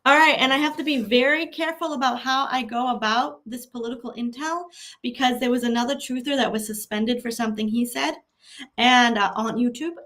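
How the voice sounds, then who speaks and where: A woman acting as a spiritual guide, earnestly leading listeners through a slow, repeated affirmation exercise and spiritual talk. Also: on the high side, fairly even intonation, a bit bright.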